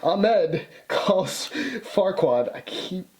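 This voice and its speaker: A man's voice: high voice, lively intonation, drawn-out words, darkish tone. A man co-hosting a casual chat, laughing often and swearing as he acts out quotes. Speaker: podcast co-host. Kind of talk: casual chat recapping wrestling.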